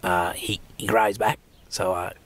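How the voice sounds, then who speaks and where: A man's voice: on the low side, level tone, unhurried, fairly bright tone. Donnie, a man doing a crude swearing Aussie bloke. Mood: scheming. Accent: Australian. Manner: swears constantly, blunt and matey. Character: crude brash adult male Australian bloke, gun-loving. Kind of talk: adult cartoon voice acting.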